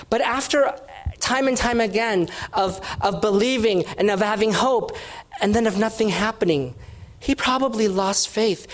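Earnest woman giving a devotional talk. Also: mid-range voice. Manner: earnest, emphatic, with restarts. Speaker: Bible teacher. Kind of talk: devotional sermon.

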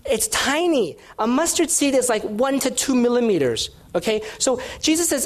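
A woman's voice: fairly high pitch, very animated, normal speed, hardly any pauses. A woman giving a devotional sermon, earnest and emphatic, sometimes restarting her sentences. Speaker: Bible teacher.

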